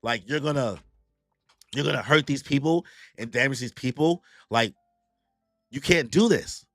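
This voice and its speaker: A man's voice: mid-range voice, unhurried, fairly bright tone, no echo, studio quality, faint music behind. A man voicing an indignant giant king arguing with an official. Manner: indignant, pleading.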